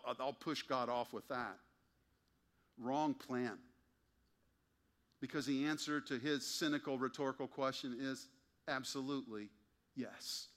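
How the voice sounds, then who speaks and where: A man's voice: medium pitch, a bit bright. A man preaching a sermon to his congregation, emphatic and wry, often asking pointed rhetorical questions. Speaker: pastor.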